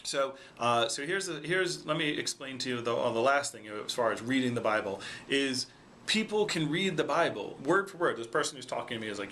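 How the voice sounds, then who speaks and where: A man talks straight to his viewers in a casual, argumentative way and keeps checking in with them as he explains. His voice is bright and forceful. A faint hiss of background noise sits under the recording. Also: mid-range voice, animated, brisk. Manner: explaining, repeats "okay?" for emphasis. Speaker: vlogger.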